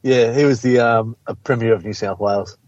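A man's voice: mid-range voice, steady tone, a little fast, darkish tone, a little hiss or hum. A man co-hosting a podcast, sarcastic and sweary, mocking officials in silly voices. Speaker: podcast co-host. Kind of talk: casual comedy podcast chat. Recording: dull lo-fi remote audio.

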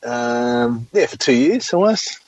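A man's voice: medium pitch, expressive, slow, darkish tone, no echo, muffled recording. Hesitant Australian man, podcast banter. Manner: laughing, hesitant, swearing. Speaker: podcast co-host. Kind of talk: casual banter.

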